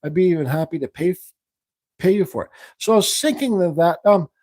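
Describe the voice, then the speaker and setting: A man with a high, slightly mellow voice and lively intonation talks a little fast while hosting a woodcarving livestream. He rambles casually as he works, thinking aloud and reading viewer questions out to answer them in this relaxed demonstration chat. The recording is dry.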